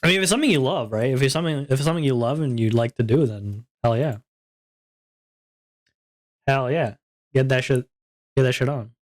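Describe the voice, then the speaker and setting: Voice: mid-range voice, brisk, long pauses. A VTuber streamer in casual live-stream chat, joking around and reading viewers' messages aloud before answering them. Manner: playful, goofy, jokey banter.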